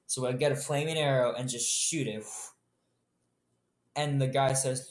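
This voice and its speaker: A man's voice: mid-range voice, a little slow. Guy telling a made-up zombie story, swears a bunch, sarcastic asides, plain everyday voice. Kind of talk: improvised collaborative story.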